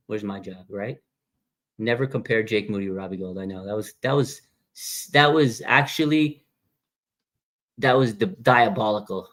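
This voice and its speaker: Slangy, animated fan-show host, man. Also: lowish voice. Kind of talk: casual live-stream sports chat.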